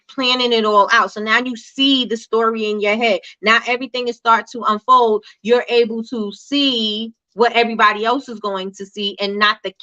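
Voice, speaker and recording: Female host, chatty and repetitive, bright crisp tone, muffled lo-fi recording. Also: on the high side. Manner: conversational, repetitive, reads viewer comments aloud. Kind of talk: casual livestream business chat.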